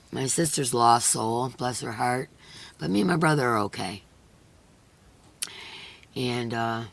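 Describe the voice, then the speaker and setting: A middle-aged woman hosting a crochet live stream, chatting earnestly and emotionally with viewers, her voice hoarse and fading. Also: rumbling low. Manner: earnest and emotional, many "you know" fillers. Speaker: crochet channel host. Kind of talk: casual chat on a live stream, reading viewer comments.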